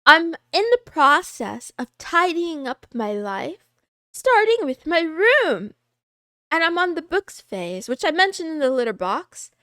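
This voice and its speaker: Giggly high-voiced woman streamer. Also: fairly bright tone, no echo, clean studio sound. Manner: giggly, playful, rambling; playful cat persona, meowing. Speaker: VTuber streamer. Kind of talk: casual livestream chat, reading out viewer names.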